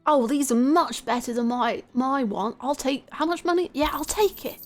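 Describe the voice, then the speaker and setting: Casting: high-pitched, chatty woman game streamer, casual commentary. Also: moderate pace, faint music behind. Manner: chatty and giggly, reading chat aloud.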